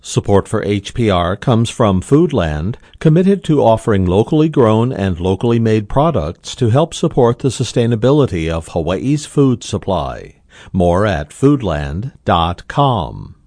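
A man reading sponsor announcements for a radio station in a smooth announcer read. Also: lowish voice, sing-song, measured pace, darkish tone, no room sound, studio quality.

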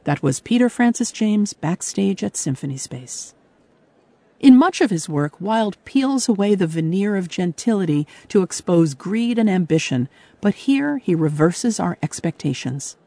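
Dry, gravelly-voiced female radio host. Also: medium pitch, lively intonation, unhurried, mellow, no echo. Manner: thoughtful, literary commentary. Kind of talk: scripted broadcast narration.

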